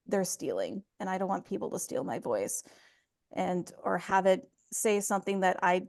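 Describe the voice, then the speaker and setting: A young woman voice actor chatting on an interview show. She speaks candidly and easily, laughs often, and her voice sits at an ordinary middle pitch. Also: darkish tone. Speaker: voice actor guest. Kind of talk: casual interview chat.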